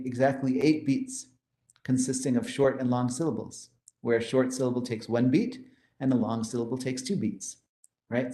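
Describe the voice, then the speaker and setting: A man's voice: mid-range voice, warm tone, echoey room. A man giving a lecture on mathematics, explaining formulas and counting step by step with enthusiasm. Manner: explanatory, enthusiastic, pointing to slides. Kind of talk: math lecture.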